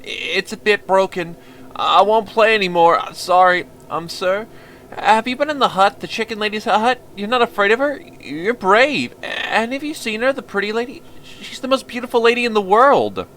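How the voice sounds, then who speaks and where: A man doing a meek young violinist who stammers over every other word and keeps calling the listener sir. The voice sits high and bright, halting and apologetic. A lovesick, pleading game character. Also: a little hiss or hum. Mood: timid.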